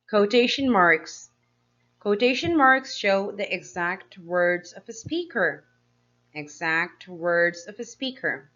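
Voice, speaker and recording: A woman teacher giving a slow, clear grammar lesson to young pupils, asking them questions as she explains each step. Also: mid-range voice, a bit bright, dull audio. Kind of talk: grade-school grammar lesson.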